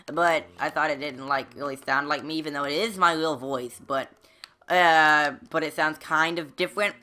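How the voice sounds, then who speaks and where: A woman hosting a gaming channel gives rambling let's play commentary, chatting to herself while playing and suddenly squealing or yelping. Her low-pitched voice is pushed and bright, steady in tone, at a normal speed.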